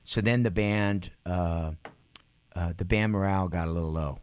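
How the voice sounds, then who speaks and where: A middle-aged man, a guest musician, animatedly telling stories in an interview and acting out quotes in a higher voice. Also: normal speed, darkish tone, clear, resonant tone. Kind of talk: interview storytelling. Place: radio studio.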